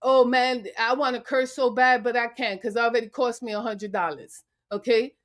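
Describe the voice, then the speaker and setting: A woman with a high voice rants furiously on a live-stream panel. She is confrontational, curses freely and hammers her challenges over and over. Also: steady tone, moderate pace, fairly bright tone. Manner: angry, confrontational, cursing; repeats taunts and challenges. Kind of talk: heated live-stream rant. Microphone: remote call into a live stream.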